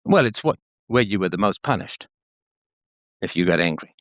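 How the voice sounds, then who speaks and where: A man's voice: deep voice, moderate pace, dry recording. A man hosting a call-in show, talking frankly and probing the caller. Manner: frank, probing, lively delivery.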